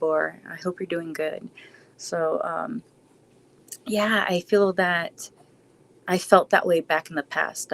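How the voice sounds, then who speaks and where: Rambling woman chatting on a live stream. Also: on the low side. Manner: rambling, reflective, with frequent restarts. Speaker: live streamer answering chat questions. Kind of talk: casual live stream Q&A chat.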